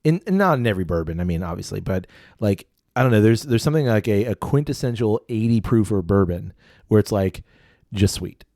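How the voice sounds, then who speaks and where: A low, mellow-voiced man talks casually on a podcast, laughing often and musing aloud with plenty of fillers. The sound is close and dry, with no room echo at all. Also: animated, brisk. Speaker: podcast co-host. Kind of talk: casual whiskey tasting chat.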